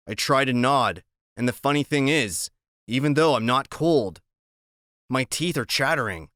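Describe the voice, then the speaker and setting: A man narrating a novel in the first person, steady and unhurried. His voice sits at a middling pitch, and the recording is dry with no room sound. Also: dry recording. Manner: steady, plain storytelling. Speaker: audiobook narrator.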